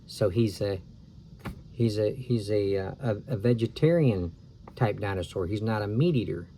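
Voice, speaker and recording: Mellow man reading a kids' story. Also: on the low side, moderate pace, slight background noise. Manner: chatty asides explaining the story. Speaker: storybook reader. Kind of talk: reading a chapter book aloud to kids.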